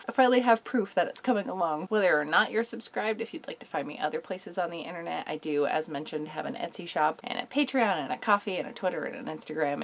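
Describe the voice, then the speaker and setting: Low, gravelly early-morning woman. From United States. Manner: chatty, rambling, self-deprecating. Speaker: craft vlogger. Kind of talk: casual chat to camera. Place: her craft shop, indoors.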